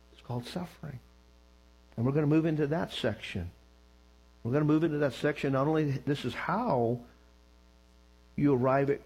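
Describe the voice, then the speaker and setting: A man preaching a sermon, swinging between hushed prayerful passages and excited, high-pitched bursts. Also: slightly rough. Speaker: pastor.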